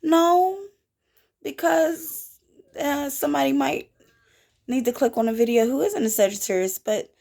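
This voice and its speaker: A woman giving a casual tarot reading to her viewers in an animated, playful manner, with folksy asides and little sung sound effects. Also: sits high, a little slow, vocal fry, long pauses. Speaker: tarot reader.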